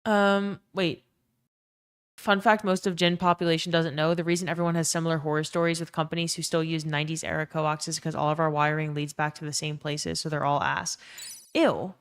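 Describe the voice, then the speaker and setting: A woman's voice: low voice, little pitch movement, a little fast, smooth. A young woman with a Southern US accent chatting casually on a live stream, swearing freely and reading out chat messages. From Louisiana.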